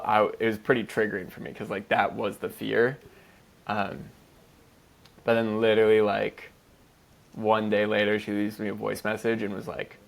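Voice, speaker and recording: A man co-hosting a podcast in an easygoing, rambling chat. His voice sits low with a gravelly fry. He swears casually and leans heavily on "like" between his thoughts. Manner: loose, profane, heavy "like" fillers. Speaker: podcast co-host.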